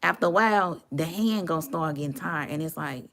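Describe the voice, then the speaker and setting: A woman's voice: low voice, fairly quick, fairly bright tone. A woman giving a casual, sassy tarot reading to her viewers, chatty and full of slang. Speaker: tarot reader.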